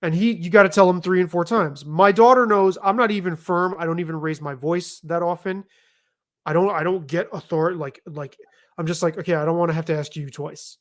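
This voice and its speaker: A middle-aged man telling stories in a casual chat, animated, emphatic and liberal with swearing. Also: high-pitched, a little fast. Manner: animated, profane, emphatic storytelling. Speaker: podcast guest.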